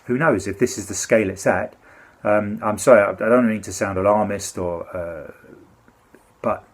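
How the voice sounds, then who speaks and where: A man with a husky, slightly breathy voice pitched on the low side. He tells a complaint story in loose, rambling speech, full of restarts and self-corrections. His indignation keeps breaking through as he goes. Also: moderate pace. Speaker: complaining customer. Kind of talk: casual spoken complaint.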